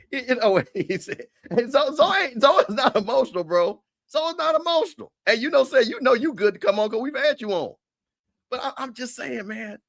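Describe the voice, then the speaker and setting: A man co-hosting a sports talk stream, teasing rivals in an animated, repetitive way. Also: high voice. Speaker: show co-host. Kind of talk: casual trash-talk commentary.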